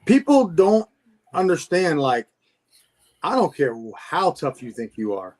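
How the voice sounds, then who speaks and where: A man's voice: a little high, huge pitch swings, measured pace, a little mellow. A man guest telling his encounter story in a casual interview, with a lot of stammering restarts and laughing at himself. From Florida. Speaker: Bigfoot investigator guest.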